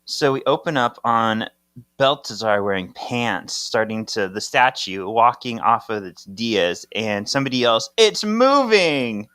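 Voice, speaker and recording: A man's voice: fairly low pitch, measured pace, pushed and bright, smooth, no echo. Man co-host with a dry, close sound. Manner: easygoing, laughs often, acts out quoted lines. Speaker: podcast co-host. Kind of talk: casual chat recapping a comic.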